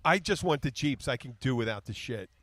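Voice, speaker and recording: A man hosting a casual podcast chat at a bar in the Florida Keys, joking and excitable. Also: medium pitch, fairly quick, no room sound. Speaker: podcast host.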